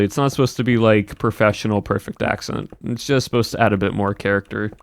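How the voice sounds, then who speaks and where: A man with a somewhat low voice chats casually on a live stream. He rambles a little and restarts his sentences as he responds to viewers. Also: fairly even intonation, fast talker, creaky, no echo. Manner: chatty and rambling. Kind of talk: casual stream chat, answering chat.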